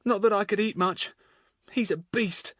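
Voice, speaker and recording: A man reading an audiobook, voicing a frightened, tearful young girl with a high, trembling, pleading voice. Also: unhurried, a bit bright, no room sound, clean studio sound. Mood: earnest. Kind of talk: audiobook character voice.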